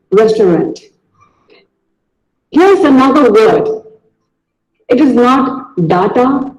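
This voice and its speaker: A high-pitched man gives a video lesson on pronunciation, speaking slowly and carefully. He repeats each word as a drill, and his voice rings in an echoey room. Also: darkish tone. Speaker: pronunciation teacher.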